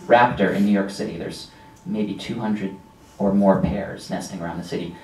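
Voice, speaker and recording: A man giving a casual slideshow lecture about nature, relaxed and rambling with frequent ums and asides. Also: sits low, normal speed, vocal fry. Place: lecture room with an audience. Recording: echoey room from a distance.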